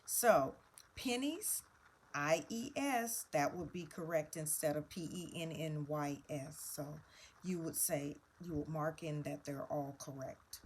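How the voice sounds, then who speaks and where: Slow, low-voiced woman teacher. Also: slight background noise. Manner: patient, slow, spells words out letter by letter. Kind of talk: spelling lesson.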